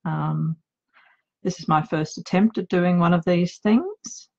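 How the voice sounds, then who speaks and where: A middle-aged Australian author chats casually and nervously from her home office on a live video call, making jokes at her own expense. Her voice is lowish, slow, gravelly and mellow. The recording sounds muffled.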